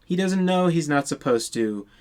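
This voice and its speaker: Guy ranting through a storytime, cussing a lot, keeps restarting sentences, voice a bit high. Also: lively intonation, normal speed, a little mellow, clear, resonant tone. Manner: exasperated, profane, rambling with many restarts. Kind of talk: casual storytime monologue.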